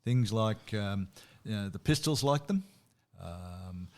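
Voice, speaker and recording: A man hosting a podcast, telling music history in a relaxed, casual way with frequent fillers and restarts. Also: lowish voice, takes it slowly. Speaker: podcast host.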